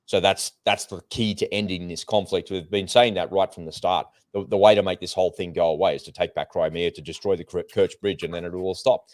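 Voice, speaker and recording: A low-pitched man talks through current affairs as co-host of a live show. He lays out his points step by step and breaks off into conversational asides. The recording is dry and close, with no room echo. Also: fairly even intonation, a little fast, hardly any pauses. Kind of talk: live political and market talk show. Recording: remote broadcast with slight delay.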